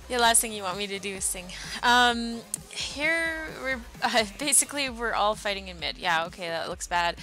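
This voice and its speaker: A woman's voice: medium pitch, moderate pace, sharp tone, faint music behind. A woman giving a casual, chatty voice-over of her gameplay footage, with frequent ums and uhs. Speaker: gamer narrating her match footage.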